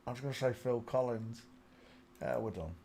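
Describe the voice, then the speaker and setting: A man hosts a live stream from home, talking half to himself and half to the viewers, and he drifts into a line of a song now and then. He speaks at an ordinary middle pitch into a small desk microphone. A faint hum sits under the voice. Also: moderate pace, warm tone. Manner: muttering, sings snatches of a song. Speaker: channel host.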